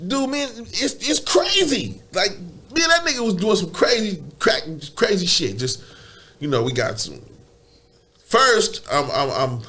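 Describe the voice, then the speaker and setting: A man's voice: sits high, big pitch swings, measured pace, pushed and bright, breathy edge. A man who is a guest on a podcast, telling a story in casual, profane slang, stumbling over repeated words and laughing often.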